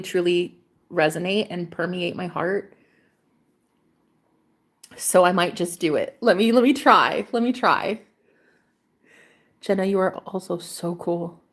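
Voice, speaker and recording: Blunt, swearing young woman livestreamer. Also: lowish voice. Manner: blunt, swears freely, emotional. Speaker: livestream host. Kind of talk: casual livestream confession.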